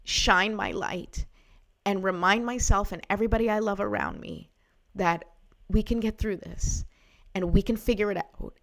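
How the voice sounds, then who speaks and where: A woman's voice: mid-range voice, moderate pace, vocal fry, fairly bright tone. Woman, livestream host; earnest, emotional, on the edge of tears. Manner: earnest, emotional, greets viewers by name. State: close to tears. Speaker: spiritual live-stream host. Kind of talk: heartfelt livestream talk with card reading.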